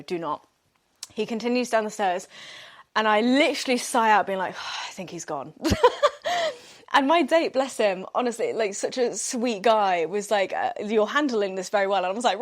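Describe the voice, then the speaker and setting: A young woman, hosting a podcast and telling a personal story in a chatty, self-deprecating way, laughing often. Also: medium pitch. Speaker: podcast host. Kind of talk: candid storytelling monologue.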